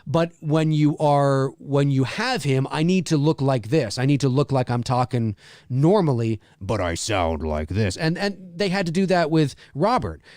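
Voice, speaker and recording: A middle-aged Canadian man co-hosts a live commentary podcast, his slightly high, darkish voice moving at normal speed. He rambles and keeps restarting with "you know," captured in studio quality with no room sound.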